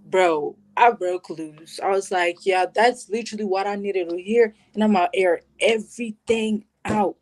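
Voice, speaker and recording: A woman from Burundi telling her personal story in an interview, emotional and animated, with casual slang. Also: mid-range voice, moderate pace, few pauses. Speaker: guest sharing personal story.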